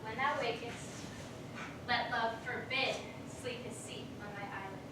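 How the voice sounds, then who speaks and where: A woman's voice: a little high, steady tone, measured pace, close to an everyday voice. Puck, a woman playing a sly sprite. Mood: commanding. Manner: declaiming verse, hushed then loud. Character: mischievous sprite servant, nimble and sly. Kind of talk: stage play acting. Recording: distant echoey stage recording, noisy.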